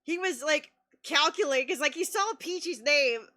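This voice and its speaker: A woman streamer telling a story in casual live-stream chat, excitable, laughing often and swearing casually. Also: high voice, normal speed.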